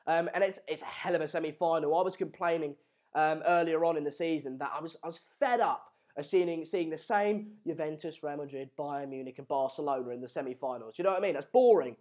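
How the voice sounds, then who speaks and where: A young man from England runs a football watchalong stream and chats loosely with his viewers. His voice sits a touch high, and his talk wanders with restarts and jokes. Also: fairly quick, darkish tone. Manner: jokey banter, rambling with fillers and restarts. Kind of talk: live stream chat reading comments. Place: home room in Madrid.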